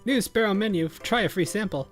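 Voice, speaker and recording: A man voicing an eager young girl restaurant vendor who pitches food in an upbeat, slightly flustered way. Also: brisk, soft background music, lightly acted. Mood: peppy.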